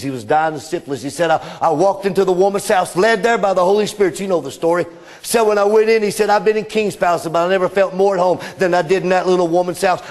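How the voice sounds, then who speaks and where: Impassioned preacher, high voice. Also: male voice. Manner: impassioned storytelling preacher, swinging between loud cries and hushed drops. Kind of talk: sermon.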